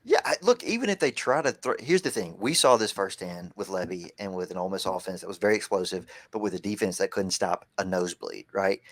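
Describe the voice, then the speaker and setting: A man's voice: low-pitched, animated, fast, hardly any pauses. A man on a podcast panel chatting loosely about sports betting picks, hedging a lot and full of fillers. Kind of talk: casual sports betting chat.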